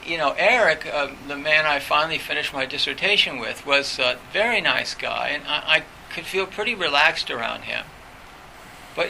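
A middle-aged professor talks through old memories with candid reflection. His voice sits a little high for a man and has a very bright, sharp edge. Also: a little hiss or hum, rough recording. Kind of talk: personal recollection in conversation.

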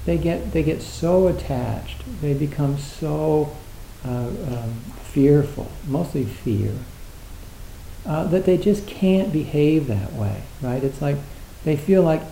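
A man's voice: a little high, expressive, slow pace, gravelly, warm tone, roomy sound, a little hiss or hum, poor audio. A man giving a reflective, casual talk on Zen, hesitant and full of fillers, acting out little dialogues.

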